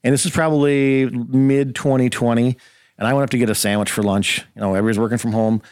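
Fast-talking man telling a story. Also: medium pitch, smooth, dry recording, clean studio sound. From rural Minnesota. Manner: animated storyteller acting out quotes. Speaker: guest host. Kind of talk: casual storytelling chat.

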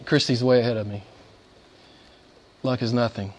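A male pastor preaching a sermon, emphatic, swinging between quiet points and rising declarations. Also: medium pitch, steady tone, moderate pace.

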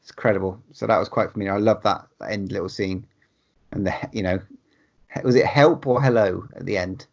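A man's voice: fairly low pitch, fairly quick, creaky, lo-fi sound. A man co-hosting a casual film chat, easygoing and rambling, often trailing off. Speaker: podcast co-host.

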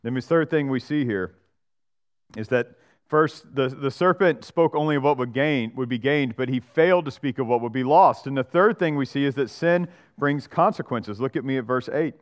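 A man preaches a Bible sermon in an everyday, conversational manner, with a voice of middle pitch. He keeps checking in with listeners using "right?" and briefly acts out the figures he quotes in changed voices. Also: moderate pace. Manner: acts out Bible characters and church members in voices. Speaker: pastor. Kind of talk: expository sermon.

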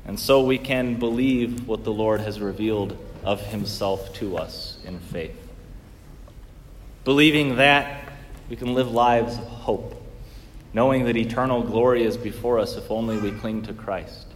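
Earnest priest preaching in a church. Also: male voice, fairly low pitch, a little slow, in a large hall, slight background noise. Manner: earnest, swings from loud emphasis to soft hush. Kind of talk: sermon.

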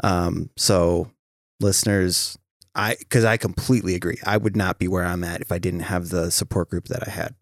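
A man's voice: low voice, normal speed, dry recording, studio quality. A man hosting a podcast, talking casually and animatedly, with frequent swearing. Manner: profane, animated storytelling. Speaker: podcast host. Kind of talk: casual chat.

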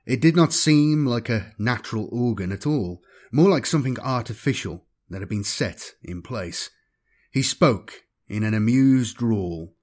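A man giving a measured, dramatic scripted narration of a science-fiction audiobook. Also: medium pitch, animated, a little mellow.

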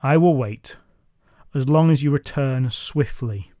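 A man voicing a stern giant king who speaks slowly and deliberately, in a podcast myth retelling. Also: mid-range voice, dark tone, dry recording, studio quality, natural voice.

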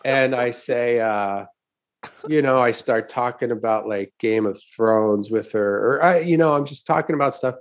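A middle-aged man, a stand-up comedian, tells a long story in a loose, casual chat. He swears freely and leaps into bits of the crowd's reactions. His voice sits at an ordinary pitch for a man. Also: moderate pace. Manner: animated, swears often, acts out crowd reactions.

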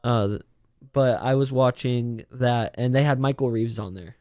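Chill young guy on a podcast, medium voice, relaxed, dry sound. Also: medium pitch, moderate pace, no echo. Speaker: podcast guest. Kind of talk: casual podcast chat.

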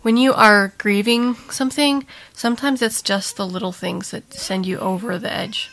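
A woman interviewing a guest, gently prompting her to talk more. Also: mid-range voice, fairly even intonation, moderate pace, vocal fry. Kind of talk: interview questions.

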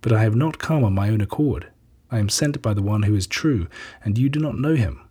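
A man voicing a calm male teacher who speaks with measured, earnest authority in a scripture reading. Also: fairly low pitch, breathy edge.

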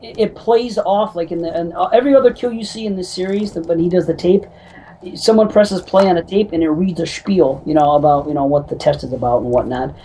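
Woman, quick speech, dark mellow tone, swears a lot, faint background noise. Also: on the low side, fairly even intonation, poor audio. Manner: fast, swearing, loose chatter. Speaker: podcast co-host. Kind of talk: casual chat.

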